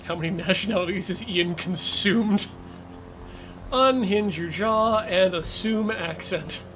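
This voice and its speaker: A man with a high-pitched, fairly bright voice streams a sim racing game at a measured pace. He chats casually, coaches himself, and jokes with viewers, while the game's car engine and track sounds run underneath.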